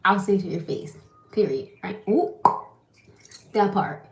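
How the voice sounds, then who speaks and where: A young woman talks straight to her livestream viewers, venting about her day in a loose, animated way. Her voice sits at a middle pitch, and the room around her rings with a noticeable echo. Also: measured pace. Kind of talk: casual live-stream storytelling.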